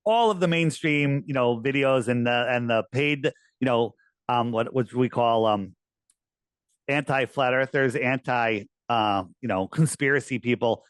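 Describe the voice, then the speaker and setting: A man in a casual interview who talks in an animated, persuasive way and often restarts his sentences. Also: medium pitch, unhurried, smooth, no echo. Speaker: interviewee, flat-earth promoter.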